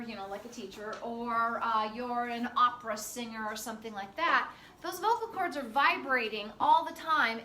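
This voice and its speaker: A woman's voice: sits high, sharp tone, echoey room. Woman teaching class, chatty w lots of fillers, faint background noise, sounds far from the mic. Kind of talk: classroom lecture.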